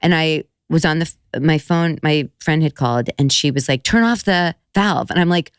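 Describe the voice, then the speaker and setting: A middle-aged woman, a podcast guest, telling a story in casual chat, acting out quotes with big jumps in pitch and swearing freely. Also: a little fast, clean tone, no echo, studio quality.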